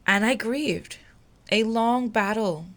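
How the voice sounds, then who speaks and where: A young woman host telling a personal story on her podcast, emotional and halting, with many fillers. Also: on the high side, a bit bright.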